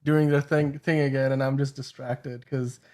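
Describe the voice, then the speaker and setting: A man's voice: medium pitch, flat delivery, normal speed, a little mellow. A man hosting a livestream in casual chat, distracted and laughing as he reads the chat.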